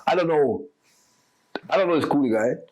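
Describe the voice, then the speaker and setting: A man telling a story in a casual podcast chat, animated and full of slang, repeating phrases for emphasis. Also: on the high side, moderate pace, poor audio. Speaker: podcast guest.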